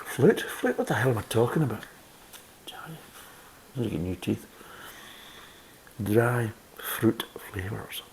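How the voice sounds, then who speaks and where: Scottish man, sarcastic and blunt beer reviewer, mid pitch with lots of movement. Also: wildly swooping pitch, fairly quick, gravelly, long pauses, a little mellow, slight background noise. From Scotland. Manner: sarcastic, blunt and swearing, reading the label aloud with mocking asides. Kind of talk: casual review chat.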